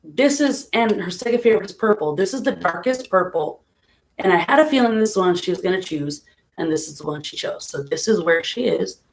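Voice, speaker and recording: A woman talking casually on a home live stream about a painful loss, emotional and soft-spoken, laughing through sadness at times. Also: lowish voice, expressive, a little fast. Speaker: vlogger.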